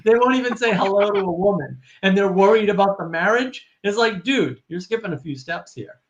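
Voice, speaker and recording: A man hosting a casual discussion, animated and wry, acting out quoted exchanges. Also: high-pitched, fairly quick, highs cut off. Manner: wry, laughs at own points. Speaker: host.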